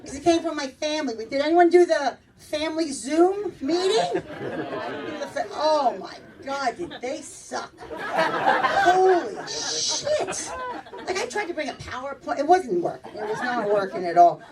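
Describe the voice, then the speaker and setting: A woman's voice: high voice, lively intonation, moderate pace. Brash middle-aged New woman comic. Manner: brash, chatty, laughing through punchlines. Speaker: stand-up comedian. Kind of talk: stand-up comedy set. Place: comedy club stage with audience. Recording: distant club recording with crowd laughter.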